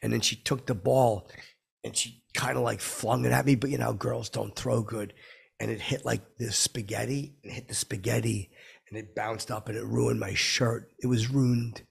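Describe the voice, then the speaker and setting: Gravelly rambling man telling a story. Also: medium pitch, steady tone, moderate pace. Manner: stammering, repeats himself, brash. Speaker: comedy podcast host telling a story.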